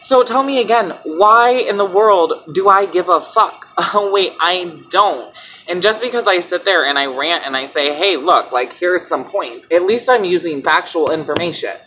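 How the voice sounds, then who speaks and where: A woman's voice: fairly low pitch, moderate pace, pushed and bright, slight background noise. A young woman vlogging in a candid, defiant rant, blunt and full of swearing, mocking her critics in quoted voices. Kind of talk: candid ranting vlog.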